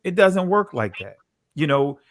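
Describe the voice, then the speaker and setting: A man's voice: a little high, big pitch swings, measured pace, no echo, clean studio sound. A man with a New Jersey accent, a pastor, talking in a casual online discussion and often filling his speech with "you know". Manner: conversational, frequent "you know" fillers.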